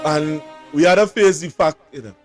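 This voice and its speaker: A Trinidadian man hosts his show with a fairly high voice, urging viewers on in a dramatic, insistent tone. Faint music plays under his talk. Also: moderate pace. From Trinidad and Tobago. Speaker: show host. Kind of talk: emphatic commentary.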